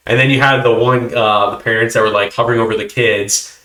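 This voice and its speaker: A man hosting a casual chat, telling stories with animated voices for the people in them. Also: medium pitch, fairly quick, roomy sound. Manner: animated storytelling, acting out kids' reactions. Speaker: host.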